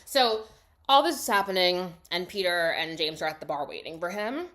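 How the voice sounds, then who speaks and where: A woman's voice: lowish voice, lively intonation, normal speed. Chatty woman gushing through a film recap. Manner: chatty, lots of "like", swings between loud gushing and hushed asides. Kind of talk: casual spoken film recap.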